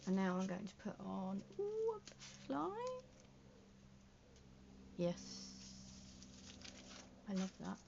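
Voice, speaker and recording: A woman with a gravelly, fry-edged voice talks to herself at her craft desk, half-murmuring and often slipping into a whisper. The sound is dull and lo-fi, with a faint hiss underneath. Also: medium pitch, very animated, slow pace, long pauses. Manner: muttering to herself as she works, often drifting into a whisper. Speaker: junk journal crafter. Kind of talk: casual crafting vlog.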